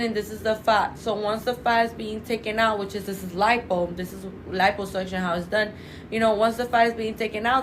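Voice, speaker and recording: A woman presenting a live-streamed product pitch for a clinic, chatty and salesy, addressing viewers as "you guys" and repeating set sales phrases. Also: a little hiss or hum, low-quality recording. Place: indoors under bright lights.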